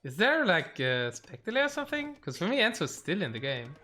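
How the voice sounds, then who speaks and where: Lively, chatty live game caster. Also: mid-range voice, normal speed. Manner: chatty, thinks aloud, reacts to live play.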